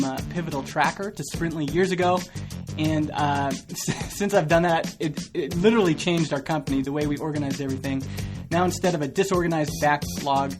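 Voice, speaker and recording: A man from Canada hosting a podcast, chatting casually and laughing often between rambling sentences. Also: a little high. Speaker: podcast host.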